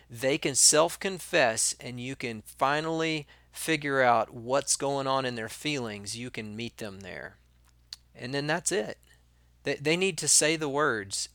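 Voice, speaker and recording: A man's voice: mid-range voice, fairly bright tone, no echo. Guy talking through conflict advice, dry close sound, acts out little quotes. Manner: conversational, acts out kids' and his own lines in quotes. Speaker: former school staff member giving advice. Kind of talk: casual advice talk.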